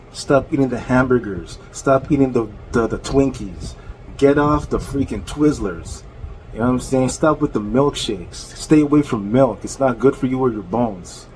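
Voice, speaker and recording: A man's voice: medium pitch, darkish tone, poor audio. Mocking man ranting with faint hiss. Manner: mocking, laughs often, slow deliberate delivery. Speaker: channel host. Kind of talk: confrontational rant.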